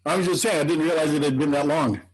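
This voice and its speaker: A man's voice: fairly high pitch, steady tone, quick pace, a crowd in the background, low-quality recording. A man interviewing an older musician, mostly giving brief, encouraging remarks and short questions. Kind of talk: casual interview.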